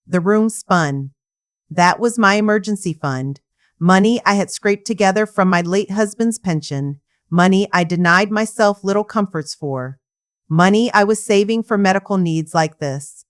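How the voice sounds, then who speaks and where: A woman's voice: fairly low pitch, animated, normal speed. Woman narrating a dramatic story. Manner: emotional, dramatic reading. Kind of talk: scripted first-person story narration.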